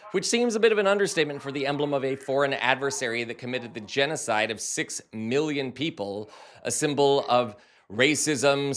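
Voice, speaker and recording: A man's voice: mid-range voice, fairly bright tone. A man hosting a political commentary show from his home, delivering scripted commentary in an impassioned, indignant way. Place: home with a mantle.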